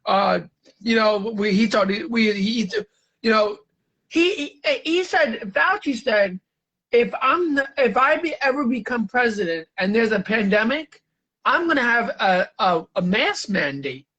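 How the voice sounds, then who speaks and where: High-pitched new guy, keeps tripping over his words mid sentence. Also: sing-song, pushed and bright, rough recording. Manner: halting, stumbles and restarts often. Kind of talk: casual political chat.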